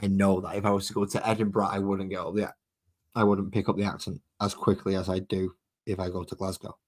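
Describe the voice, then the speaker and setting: A man's voice: deep voice, level tone, fast talker, darkish tone. A man with a Mancunian accent rambling casually to his live-stream chat while he paints miniatures. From Manchester, England. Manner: rambling and chatty while working.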